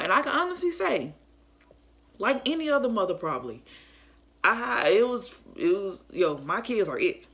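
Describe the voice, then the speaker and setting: A woman's voice: mid-range voice, big pitch swings, moderate pace, fairly bright tone. A young woman telling viewers about a dream in a casual, earnest and emotional way, calling them y'all. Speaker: faith vlogger. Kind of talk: casual testimony to camera.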